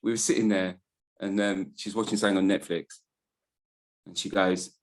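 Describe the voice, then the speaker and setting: A man's voice: sits low, fairly even intonation, normal speed. A man in casual podcast chat, telling rambling, self-deprecating stories as a panelist.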